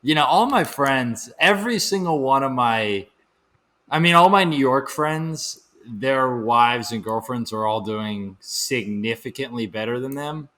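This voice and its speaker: A man in his thirties tells rambling, crude stories on a comedy podcast, with many restarts along the way. His voice sits at an ordinary middle pitch. He breaks into quick impressions of his friends as he goes. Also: lively intonation, sharp tone. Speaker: podcast co-host. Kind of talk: casual comedic chat.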